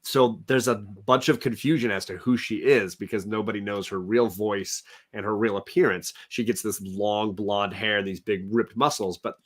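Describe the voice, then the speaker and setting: A man's voice: fairly low pitch, fairly even intonation, normal speed, hardly any pauses, fairly bright tone. Easygoing man hosting a comic show. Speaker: host of a live comic book show. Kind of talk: casual chat, reading viewer comments.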